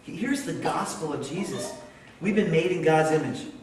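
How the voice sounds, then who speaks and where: A man preaching a sermon, telling a story that builds to excited shouts. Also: fairly high pitch, normal speed, slight background noise. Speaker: pastor. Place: church sanctuary. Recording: echoey church hall from far off.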